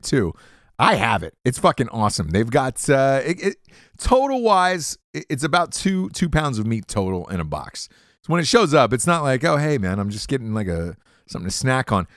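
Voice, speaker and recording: A man's voice: medium pitch, no echo, studio quality. A man hosting a podcast, reading sponsor ads as crude, rambling comic riffs full of swearing. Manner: profane, rambling, jokey riffs. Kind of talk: crude comedic ad read.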